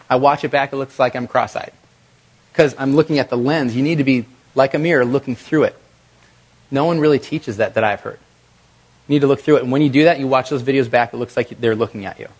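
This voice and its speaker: A middle-aged man leads a live workshop and coaches the room with direct, energetic delivery. His voice sits at an ordinary pitch. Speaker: video presentation trainer. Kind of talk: live workshop talk to an audience.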